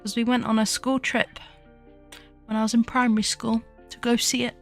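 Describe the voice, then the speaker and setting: A woman's voice: fairly high pitch, flat delivery, moderate pace, faint music behind. A young woman streaming as a VTuber, chatting casually while she draws, giggling often, swearing freely and poking fun at herself. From United Kingdom.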